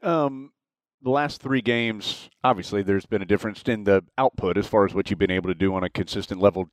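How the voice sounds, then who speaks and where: A man hosting a show, putting slow, carefully worded interview questions to a guest. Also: on the low side, dry recording. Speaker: show host.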